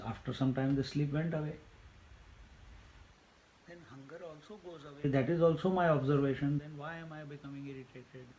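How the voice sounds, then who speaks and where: A man's voice: on the high side, a little mellow, dull audio, slight background noise. A man teaching a spiritual discourse, emphatic and repetitive, laughing at his own jokes. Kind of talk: Vedanta discourse.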